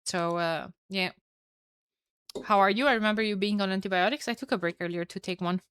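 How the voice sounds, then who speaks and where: A woman commentating a strategy game alone for her live chat, chatty and excitable, tired and with a headache. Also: mid-range voice, a little fast, clean tone, dry recording. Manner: chatty, excitable, swears and laughs at herself. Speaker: esports caster.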